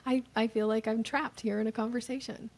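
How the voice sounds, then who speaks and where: A woman guest on a podcast explaining sales techniques, lively and animated, acting out the voices of the people she quotes. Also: a little high, brisk.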